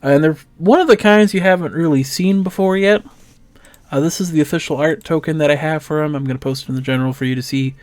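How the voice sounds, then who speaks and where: A game master narrating a tabletop game in a relaxed, rambling way with many fillers. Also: medium pitch, fast, no room sound.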